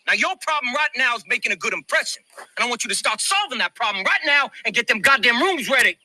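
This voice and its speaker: An actor playing a smooth, menacing male plantation owner in a film, teasing and commanding. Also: very high-pitched, lively intonation, quick pace, bright, forceful tone, full character voice, poor audio.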